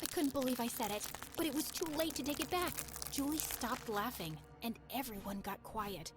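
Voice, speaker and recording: A woman narrating her own story in an expressive, confessional scripted storytime style, with music behind. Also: a little high, moderate pace. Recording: narration over background music.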